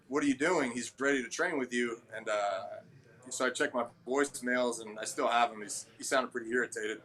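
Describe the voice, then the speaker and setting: Blunt gym owner telling stories. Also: male voice, mid-range voice, a bit bright. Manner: blunt, admittedly abrasive, quotes people in voices. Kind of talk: casual interview storytelling.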